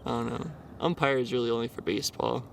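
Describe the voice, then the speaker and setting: A young man hosting a casual podcast, easygoing and quick to laugh. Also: mid-range voice, fairly even intonation, gravelly, a little hiss or hum. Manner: giggly, easygoing, agreeable. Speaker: podcast host.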